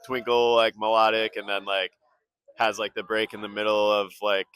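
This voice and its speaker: Low, bright-voiced young man rambling. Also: flat delivery, normal speed, smooth. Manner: rambling, heavy use of "like". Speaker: band member. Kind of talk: casual interview chat.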